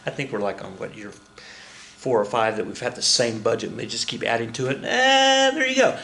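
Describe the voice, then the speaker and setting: A man's voice: fairly low pitch, steady tone, fairly quick, creaky, fairly bright tone, echoey room, slight background noise. A man teaching a history lesson for his students in a casual lecture, chatty and joking, with lots of fillers. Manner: chatty, jokey asides, frequent fillers. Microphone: recorded at a computer for students.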